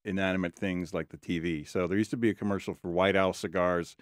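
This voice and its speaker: A man's voice: low voice, fairly even intonation, fast talker, no room sound. A man who works as a TV writer, chatting as a studio guest and telling anecdotes, acting out the people in them. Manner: storytelling, acts out quotes. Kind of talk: casual chat as studio guest.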